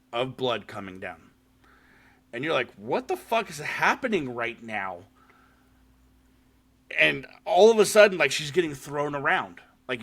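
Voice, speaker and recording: A podcast host casually recaps a horror short film, swearing freely and leaning on plenty of fillers. His voice is medium in pitch, creaky, and slightly bright.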